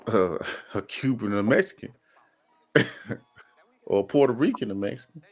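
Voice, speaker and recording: Low-voiced laid-back man. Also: lively intonation, normal speed. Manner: laid-back, laughs often, leans on "you know what I'm saying". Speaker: guest. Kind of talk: casual chat.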